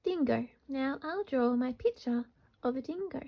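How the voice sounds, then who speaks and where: A woman teaching a phonics lesson to young children, slowly sounding out words syllable by syllable. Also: high-pitched, animated. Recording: dull lo-fi recording.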